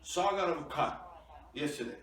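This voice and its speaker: A man's voice: fairly high pitch, normal speed, noisy background, close to an everyday voice. A man playing a self-important, profane online free-speech warrior in a comedy sketch, talking in bombastic war terms. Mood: ranting. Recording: echoey, mic far off.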